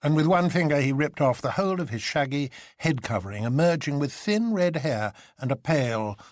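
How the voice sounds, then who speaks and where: A man reading a novel aloud in scripted narration, measured and expressive. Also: on the high side, no room sound, clean studio sound.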